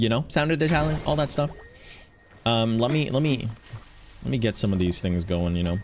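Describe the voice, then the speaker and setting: A man streaming a video game, chatting casually and rambling while he greets viewers by name. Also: mid-range voice. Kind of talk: casual chat while playing.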